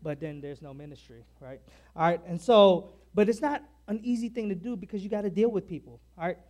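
High-voiced preacher saying "all right?". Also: male voice, brisk. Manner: conversational, repeats "all right?" often; loud and soft in turns, stressing key words. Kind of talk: sermon.

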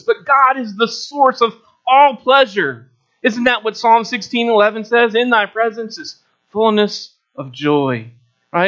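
High-voiced male preacher, lo-fi. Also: a bit bright. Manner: storytelling with shifting pitch and pauses. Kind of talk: sermon. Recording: dull lo-fi recording.

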